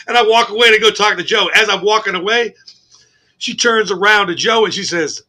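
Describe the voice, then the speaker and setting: Man, radio co-host, high voice, very bright tone, animated storyteller, swears, casual banter. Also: a little fast. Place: radio studio.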